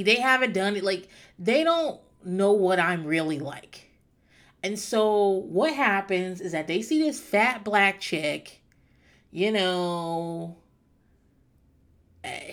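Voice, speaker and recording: A woman's voice: mid-range voice, a bit bright. A woman hosting her podcast, telling a self-mocking story in a rambling, profane, casual comedic monologue. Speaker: podcast host.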